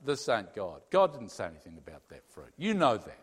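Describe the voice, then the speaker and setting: A man voicing a scornful male devil who plants doubts, in a low voice, recorded in a hall with long reverb. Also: huge pitch swings, a little fast, a bit bright, breathy edge, full character voice. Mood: mocking.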